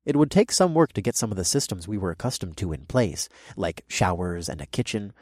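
A man narrating a first-person fantasy audiobook with lively, expressive storytelling. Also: low-pitched, fairly quick, dry recording, studio quality.

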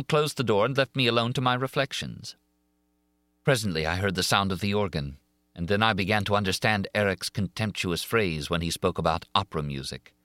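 Bright-voiced male audiobook narrator. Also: fairly low pitch, no echo, studio quality. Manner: expressive, theatrical.

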